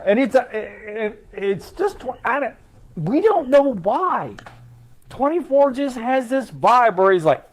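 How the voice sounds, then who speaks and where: A man chatting casually at a game table, telling a profane, animated story. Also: extremely high pitch, slow. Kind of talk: casual chat.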